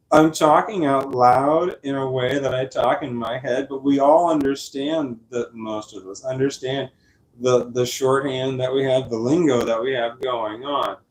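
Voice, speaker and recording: A man's voice: mid-range voice, darkish tone, poor audio. Rambling man talking to camera. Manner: chatty, meandering, self-correcting; doting baby-talk to his dog. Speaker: vlogger. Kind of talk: casual rambling talk to camera. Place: at home on a couch. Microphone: desk microphone.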